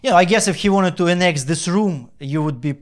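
Sarcastic swearing stand-up comic. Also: male voice, sits high, fairly quick. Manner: irritated sarcastic rant, heavy swearing. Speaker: stand-up comedian. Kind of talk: stand-up routine.

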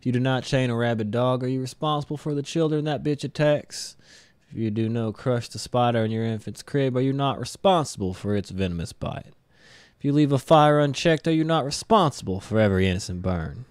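A man's voice: medium pitch, brisk, darkish tone, smooth, dry recording, lightly acted. A man putting on a fanatical twangy preacher. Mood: zealous. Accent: put-on South Carolina twang. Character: fanatical male preacher writing a letter, menacing.

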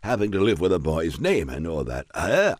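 A man's voice: sits low, wildly swooping pitch, normal speed, no room sound, studio quality, exaggerated voice. A man voicing a merry, drunken country squire who slurs and rambles jovially in a raised voice. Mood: tipsy jovial. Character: merry drunk middle-aged Scottish squire.

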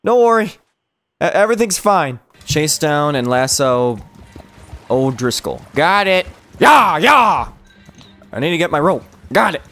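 A young man plays through a cowboy game with a friend, his voice high and lively. He jokes, laughs often and reads the game's prompts out loud in loose let's-play chatter. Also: moderate pace, no echo, soft background music. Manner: playful, giggly, lively, reads prompts aloud. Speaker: gameplay streamer. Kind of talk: casual let's-play commentary.

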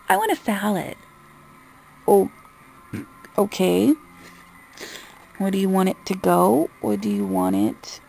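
A woman's voice: medium pitch, creaky, mellow, a little hiss or hum. A woman vlogger in a casual, exasperated rant, talking bluntly and swearing freely. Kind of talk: casual ranting monologue.

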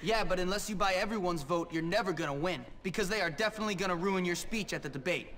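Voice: mid-range voice, fast, fairly bright tone, slight background noise, natural voice. An actor voicing a sarcastic, cocky teenage schoolboy in a video game. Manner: sarcastic, wisecracking.

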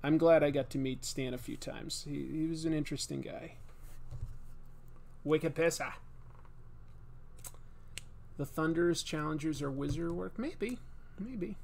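Relaxed, rambling man streaming while drawing. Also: a little high, a little fast, gravelly, few pauses. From Massachusetts, US. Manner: relaxed and rambling, with many fillers. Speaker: livestream host and artist. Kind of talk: casual chat while drawing.

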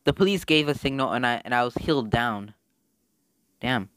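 Young male gamer reading a story game aloud, excitable, big pitch swings, dry close sound. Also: normal speed, clear, resonant tone, dry recording. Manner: excitable, animated, swings between mumbling and loud outbursts. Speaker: let's-play gamer.

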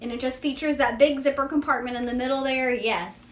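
A Kentucky woman with a Central Kentucky Southern drawl hosts a live-stream showcase selling vintage luxury bags, chatty and upbeat with fillers like "yeah" and "there you go." Her high voice is fairly bright, even in intonation and a little fast, with reverb and slight background noise.

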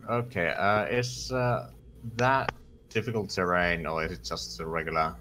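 A man's voice: low-pitched, fairly even intonation, unhurried, background noise. A man playing in a tabletop game, hesitant and plain as he checks the rules. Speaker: player. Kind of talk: casual tabletop game chat.

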